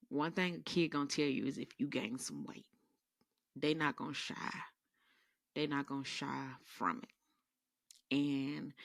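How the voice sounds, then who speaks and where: A woman's voice: rumbling low, vocal fry, no echo, clean studio sound. A woman podcast host telling sassy, rambling comedic stories in a casual monologue. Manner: animated, rambling, sassy storytelling.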